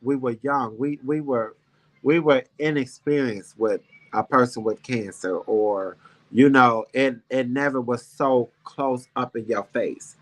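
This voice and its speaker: A man's voice: mid-range voice, fairly even intonation, a little slow. A man hosting a casual talk show, telling a personal story in a heartfelt, rambling, emphatic way. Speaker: show host.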